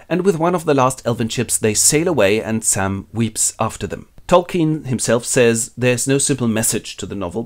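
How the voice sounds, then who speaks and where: A man's voice: medium pitch, a little mellow. A man narrating a comic book summary with dry, wry asides. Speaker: host.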